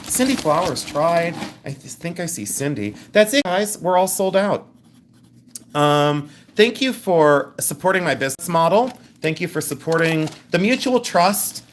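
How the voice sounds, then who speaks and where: A woman hosting a live jewelry sale stream, chatting in a rambling way and thinking out loud as she shows each piece. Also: low voice, a little hiss or hum. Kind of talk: live sales stream chat.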